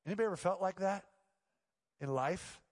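A middle-aged man preaching a sermon, telling a personal story and building to loud, pleading passages. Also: high-pitched, fairly quick. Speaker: pastor. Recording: long church reverb.

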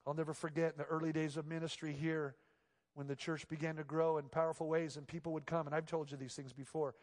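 A male pastor preaching a sermon, moving between hushed, intimate passages and loud, emphatic exclamations. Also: fairly high pitch, level tone, fast talker. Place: church sanctuary. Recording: long reverb of a large church hall.

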